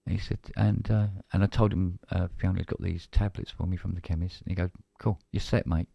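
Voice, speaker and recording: A man's voice: low-pitched, fairly even intonation, a little fast, creaky, husky, no room sound, muffled recording. A man with a British accent, co-hosting a casual live-stream chat and telling a story by acting out both sides of a conversation. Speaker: co-host.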